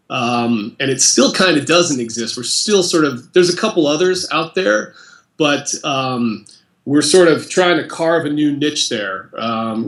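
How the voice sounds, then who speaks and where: Laid-back guy being interviewed, lots of ums, roomy echo. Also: a little high. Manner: relaxed, conversational with fillers. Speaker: interview guest, company president. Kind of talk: casual interview chat.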